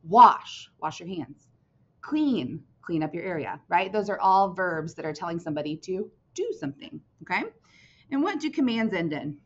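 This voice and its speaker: A woman teaching young children in a lively, sing-song voice that swoops up and down, often pausing to ask "right?" or "okay?". The recording is dull and lo-fi. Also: on the low side.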